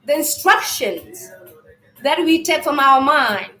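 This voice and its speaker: A woman hosting a live stream, giving a loose, rambling spiritual talk in a loud voice, often clearing an irritated throat and addressing viewers as family. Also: high-pitched, lively intonation, takes it slowly, reverberant, faint music behind, poor audio.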